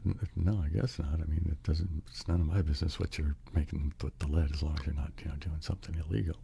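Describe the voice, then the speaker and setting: A man's voice: extremely low pitch, steady tone, fast, vocal fry, mellow, breathy edge, heavily acted. A man voicing a nosy, suspicious shop owner who mutters in a puzzled, fretful way, as whispered role-play. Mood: hesitant.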